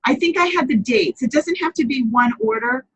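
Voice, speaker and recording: A woman's voice: sits high, expressive, moderate pace, husky, rough recording. A woman hosting a live papercrafting chat, talking casually, answering viewers by name and often correcting herself as she goes.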